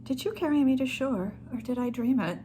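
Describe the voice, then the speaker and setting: Woman reading as a polite, teasing young gentleman. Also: high-pitched, a little fast, slight background noise, lightly acted. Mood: courteous, teasing.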